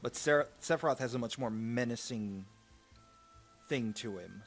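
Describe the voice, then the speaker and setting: A man's voice: mid-range voice, measured pace, soft background music. A young man streaming a game, chatting casually about it and often restarting his sentences midway.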